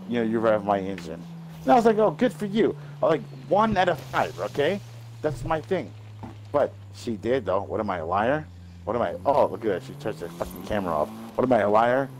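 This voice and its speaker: A man ranting on a livestream in a brash, profane, repetitive way, often swinging his pitch up high. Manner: brash, profane, repeats himself. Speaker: stream guest. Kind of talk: rambling livestream rant. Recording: noisy stream audio.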